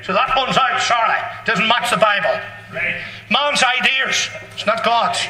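A man preaching a sermon in a fervent, blunt and folksy way, bursting into shouts. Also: very high-pitched, measured pace. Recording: echoey hall, distant mic.

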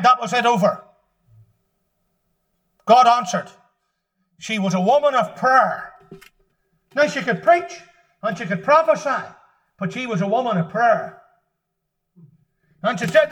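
A man preaching a sermon in a fervent, emphatic way, building at times to shouts. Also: high-pitched, poor audio.

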